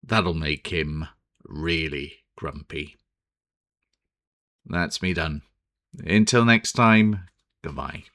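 A man's voice: rumbling low, drawn-out words, pauses often, a bit bright. A man wrapping up a personal podcast episode with mild, dry humour.

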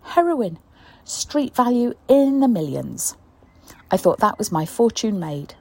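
Husky English woman reading wryly. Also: sits low, a little mellow. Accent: English, East Midlands. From England. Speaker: story contributor. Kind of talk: reading a short story aloud.

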